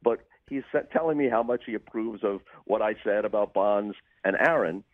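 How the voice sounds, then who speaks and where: An older broadcaster telling dry, wry anecdotes with deadpan punchlines as a radio show guest. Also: male voice, lowish voice, normal speed, dry recording, narrow, tinny audio. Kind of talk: storytelling in a radio interview.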